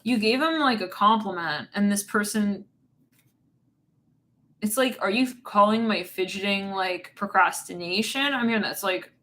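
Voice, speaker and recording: A woman's voice: medium pitch, normal speed, bright, forceful tone. Giggly, rambling woman reading tarot cards. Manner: rambling, giggly, blunt with swearing. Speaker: tarot reader. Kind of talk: casual tarot reading monologue.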